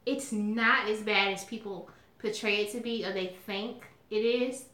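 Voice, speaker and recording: A woman's voice: mid-range voice, a little slow. A woman from Alabama with a Southern accent, chatting casually and sassily to her viewers in a vlog. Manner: chatty, sassy, animated, calls viewers y'all. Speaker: mukbang vlogger. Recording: echoey room.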